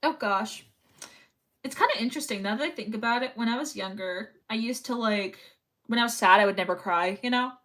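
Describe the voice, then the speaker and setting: A woman's voice: a little high, a little fast, fairly bright tone. A young woman chatting casually on a livestream while sewing, rambling and reading chat messages aloud. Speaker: live streamer.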